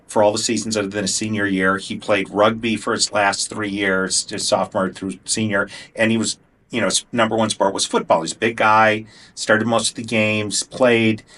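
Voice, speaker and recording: A middle-aged man hosting a podcast interview, asking questions in a relaxed, conversational way. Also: fairly low pitch. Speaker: podcast host. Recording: voice distant from the mic.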